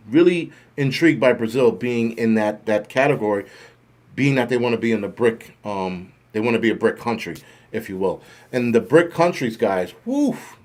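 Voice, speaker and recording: A middle-aged man hosting a casual livestream, rambling and swearing in nearly every sentence. He jokes about getting old, then drifts into the news in the same loose, profane way, his voice climbing high when something riles him. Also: a little mellow. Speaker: host.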